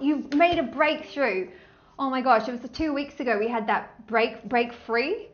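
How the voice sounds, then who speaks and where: A woman giving a casual tarot reading, gushing and excitable, often breaking into bits of song. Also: high voice, measured pace, highs cut off, background noise. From Australia. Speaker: tarot reader.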